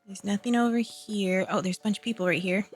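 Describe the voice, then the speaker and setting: A woman's voice: medium pitch, fairly even intonation, fast, soft background music. Brief: chatty, giggly woman streamer, casual let's-play talk. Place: home streaming setup.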